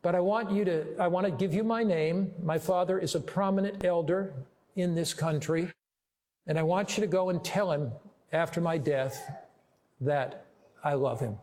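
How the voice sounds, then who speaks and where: A male preacher voicing a despairing young woman on the phone, speaking in a quiet, halting confession during sermon storytelling. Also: fairly high pitch, lightly acted.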